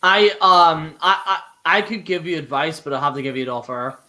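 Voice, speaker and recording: A young Irish man hosting a live show, his voice bright and a touch high. He rambles in loose, casual chat, swearing freely and restarting his sentences often. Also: animated, normal speed. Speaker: host.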